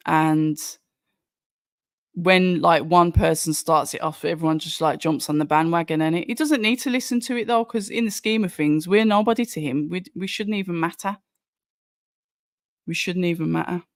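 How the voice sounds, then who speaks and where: Speaking with a medium pitch at a moderate pace, this Brummie-accented watch-along host from Birmingham, England, gives casual live chat commentary, replying to viewer comments with lots of restarts. The sound is clean studio audio with no room sound.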